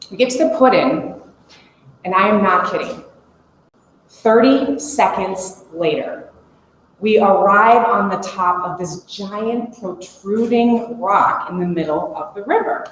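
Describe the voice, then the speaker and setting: A woman in her forties telling a lively story to a conference audience, laughing as she goes. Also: medium pitch. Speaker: conference speaker. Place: conference room. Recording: echoey conference room, faint hum.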